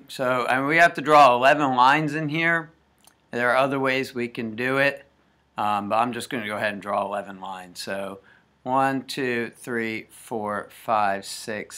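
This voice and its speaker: A man's voice: medium pitch, bright, forceful tone. A man teaching a homework math lesson, counting aloud and working steps with folksy, jokey asides.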